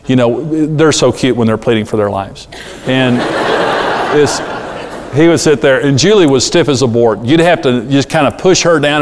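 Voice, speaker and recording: Man, middle-aged, preacher, animated sermon, long hall reverb. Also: medium pitch, moderate pace, noisy background. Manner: animated, acts out quoted voices. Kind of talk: sermon on parenting.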